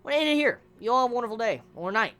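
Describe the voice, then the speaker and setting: A young man rambles through an anime episode review, excited and profane, tripping over repeated words as he goes. His pitch swings widely and his tone is bright and forceful. Faint music plays underneath. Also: racing, smooth. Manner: excitable, swears a lot, stammers and repeats words. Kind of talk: casual unscripted review.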